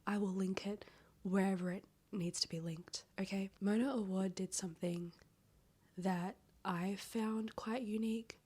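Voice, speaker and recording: In a casual book-review vlog, a woman chats and rambles, swearing now and then, in a breathy near-whisper whose husky, hoarse edge keeps cracking. Her voice is medium-pitched and mellow, with fairly even intonation and a slightly slow pace.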